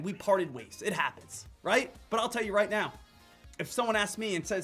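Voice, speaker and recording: High-voiced, chatty American trader. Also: male voice, brisk, soft background music. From Pennsylvania, USA. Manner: animated storytelling, repeats "again" and "right?". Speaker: stock trading streamer. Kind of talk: casual trading livestream talk.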